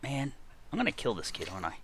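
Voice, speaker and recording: A man's voice: medium pitch, huge pitch swings, quick pace, a bit bright, slightly rough. Chatty man muttering over gameplay. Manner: chatty, muttering to himself, frequent exclamations. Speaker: gaming video creator. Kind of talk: casual gameplay commentary.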